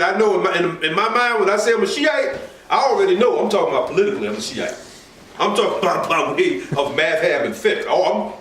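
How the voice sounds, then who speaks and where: An animated, high-pitched man teaches an informal sermon class, preaching conversationally with asides and laughter. A far-off mic captures an echoey hall with slight background noise.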